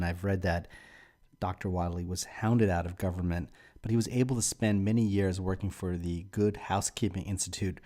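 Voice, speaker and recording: A man with a very deep, low voice narrates a recorded lecture over slides. He explains in a measured, steady way, close to the mic. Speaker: instructor.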